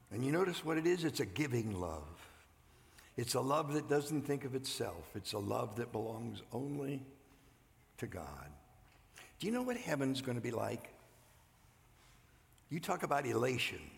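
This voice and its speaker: An older man preaching a sermon, earnest, rising loud and then dropping to a hush. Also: medium pitch, big pitch swings, a little slow, creaky, long pauses, in a large hall, a little hiss or hum. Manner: earnest, swings from loud to hushed. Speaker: pastor. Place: church sanctuary.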